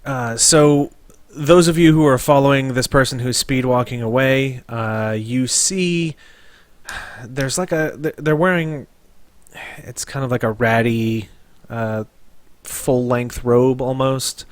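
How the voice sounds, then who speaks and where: A man narrating a tabletop game as game master, describing scenes in a loose, halting way. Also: medium pitch, dry recording.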